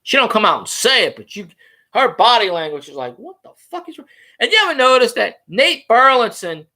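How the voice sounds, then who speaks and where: A man's voice: high voice, very animated, a little fast, bright, forceful tone. A man, rambling casually and crudely on his fan vlog. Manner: loose, rambling and crude, with fillers. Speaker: fan vlogger.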